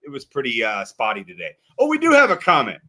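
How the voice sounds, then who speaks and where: A man's voice: mid-range voice, huge pitch swings, fast, pushed and bright. A man co-hosting a sports podcast, talking casually about betting picks and games with a laid-back, rambling manner. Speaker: podcast co-host.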